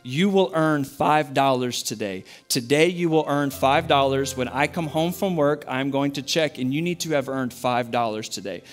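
A man's voice: mid-range voice, moderate pace, hardly any pauses, faint music behind, lightly acted. A man voicing a stern father who speaks in firm, commanding words while telling a story in a sermon. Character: stern father teaching his son.

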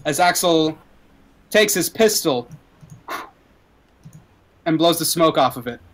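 A man running a tabletop game as dungeon master, telling the story in a relaxed way with fillers. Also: a little high, takes it slowly, rough recording.

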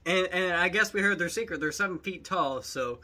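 A man's voice: high voice, a little fast, bright, forceful tone. A young man commenting on videos in a jokey, rambling, exasperated way. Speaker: youtube commentator. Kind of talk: reaction commentary.

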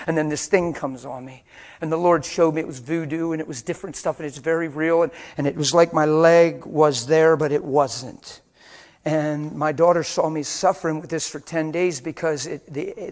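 A middle-aged man preaching a passionate sermon, swinging between loud emphasis and soft, hushed storytelling. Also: fairly high pitch.

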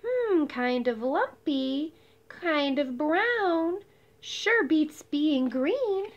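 A woman's voice: high-pitched, very animated, normal speed, lo-fi sound. A woman voicing a restless young male snake in a read-aloud storybook, with an eager, breathless manner. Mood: pleased. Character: young restless yellow python, excitable boy.

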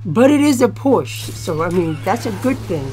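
A young woman commentating a racing game from her college dorm room. She keeps her voice quiet but breaks into profane, excitable outbursts. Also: medium pitch, normal speed, soft background music. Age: young adult. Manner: talking quietly. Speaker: gaming YouTuber. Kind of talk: gameplay commentary.

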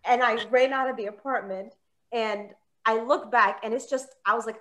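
A woman in her thirties works a comedy club crowd, her voice bright and cutting, pitched a little high. She tells stories about herself and jumps into the quoted voices of the people in them. It sounds like a stage mic in front of a live room. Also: brisk. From Palestinian American. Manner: chatty, self-mocking, acts out quoted dialogue. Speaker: stand-up comedian. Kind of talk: stand-up comedy set.

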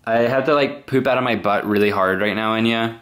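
A man's voice: medium pitch, brisk, a bit bright. A young man chatting with a friend at home, teasing and blunt. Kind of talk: casual chat. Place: home room.

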